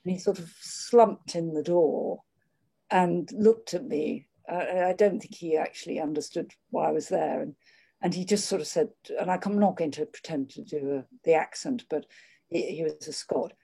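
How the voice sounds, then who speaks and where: An older woman speaking in a measured, candid way, with frequent restarts, reflecting on her working life. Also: sits low, creaky, dark tone, husky. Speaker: interviewee. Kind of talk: reflective conversation.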